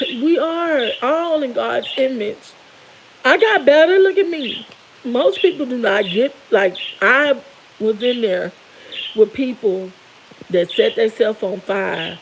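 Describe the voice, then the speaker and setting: Brief: middle-aged woman vlogger, gravelly fry in her voice, raw and candid, faint hiss behind. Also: fairly high pitch, animated, slow. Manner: emotional, candid, tearful at moments. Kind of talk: personal storytelling to viewers.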